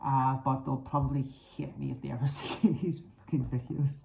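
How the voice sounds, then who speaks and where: A man with a Northern Irish accent reading his own comic novel aloud, cheeky and sweary with deadpan asides. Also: medium pitch, normal speed, gravelly, a little hiss or hum, low-quality recording. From Northern Ireland. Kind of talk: humorous story reading.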